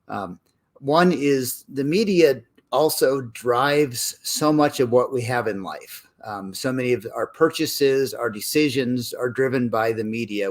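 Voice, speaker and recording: A man co-hosting a casual book club discussion, conversational and storytelling, acting out quoted headlines now and then. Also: mid-range voice.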